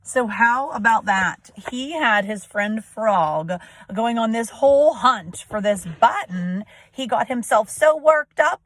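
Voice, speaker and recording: A woman's voice: mid-range voice, fairly bright tone, no room sound. A woman teacher reading a storybook aloud to children and explaining it, often asking questions and checking with "right?".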